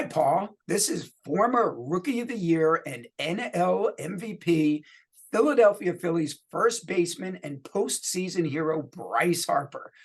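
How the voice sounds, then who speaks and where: Man doing a husky, high-ish ballplayer, slow and deadpan boastful. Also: heavily acted. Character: gruff adult male ballplayer calling in, cocky. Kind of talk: celebrity impression call-in.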